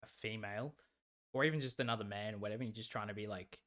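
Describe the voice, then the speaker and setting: A man's voice: lowish voice, quick pace, a bit bright. A man, co-hosting a casual podcast chat and telling stories with laughter and plenty of swearing. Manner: laughing storyteller, swears freely. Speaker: podcast co-host.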